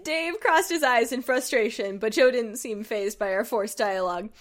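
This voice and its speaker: A woman's voice: a little high, normal speed, slight background noise. A woman co-hosting a comedy podcast, reading a story aloud and laughing as she goes. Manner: giggly, breaks into laughter while reading. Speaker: podcast co-host reading fan fiction.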